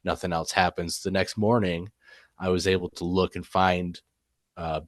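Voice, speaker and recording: Deep-voiced rambling male storyteller. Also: a bit bright, dry recording, studio quality. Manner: rambling, many fillers and "and stuff". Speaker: guest telling an encounter story. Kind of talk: casual storytelling.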